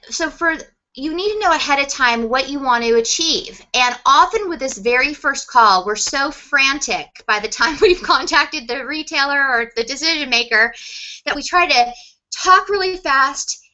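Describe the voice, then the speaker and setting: A middle-aged woman sales coach teaching a webinar, chatty and quick, with restarts and laughs. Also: high-pitched, pushed and bright, poor audio.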